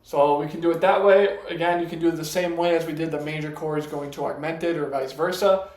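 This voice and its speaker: A man's voice: on the high side, steady tone, a little fast. Patient male piano teacher, echoey room. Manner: patient, explains step by step, counts out loud. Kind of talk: casual piano lesson. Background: piano notes between lines.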